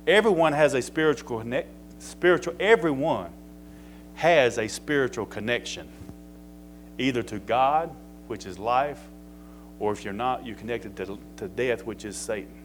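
A man's voice: medium pitch, normal speed, faint music behind, poor audio. Folksy preaching man, rising emphatic peaks. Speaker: pastor. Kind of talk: sermon.

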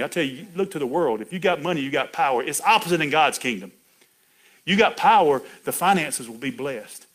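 A man's voice: a little high, a bit bright. A middle-aged man preaching a folksy sermon, chatty and laughing, calling out to people in the pews by name.

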